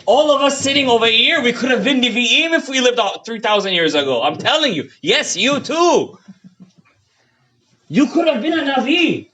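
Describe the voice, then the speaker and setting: Impassioned rabbi, high lively voice. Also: male voice, normal speed. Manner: impassioned, swings between shouting and hushed asides; mixes English with Hebrew and Yiddish terms. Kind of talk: fiery Torah lecture. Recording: dull lo-fi audio.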